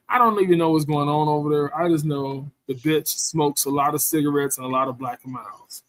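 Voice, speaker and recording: A man's voice: fairly high pitch, steady tone, fairly quick, few pauses, no echo. A man telling a rambling, profane story in casual chat, often asking "you know what I'm saying".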